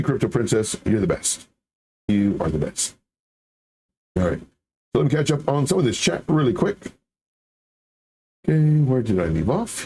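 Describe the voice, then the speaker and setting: A man's voice: mid-range voice, warm tone. Sarcastic man hosting a trading stream. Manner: sarcastic, rhetorical questions, reads chat aloud. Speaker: crypto trading livestream host. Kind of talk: casual livestream commentary.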